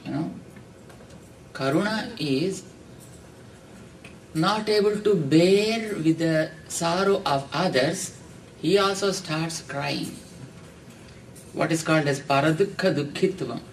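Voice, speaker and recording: Slow-speaking Indian man giving a discourse. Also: on the high side. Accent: Indian English. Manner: slow, explaining, with Sanskrit verses chanted and many "you know". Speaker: spiritual teacher giving a discourse. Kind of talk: religious discourse. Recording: distant mic with faint background noise.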